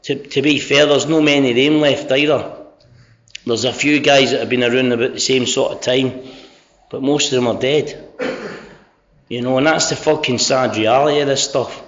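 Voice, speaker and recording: This Scottish man, middle-aged and speaking with his native accent, is sharing his own recovery journey at a convention, frank, foul-mouthed and poking fun at himself. He keeps a medium pitch, a steady tone and a moderate pace. The convention audio sounds dull and lo-fi.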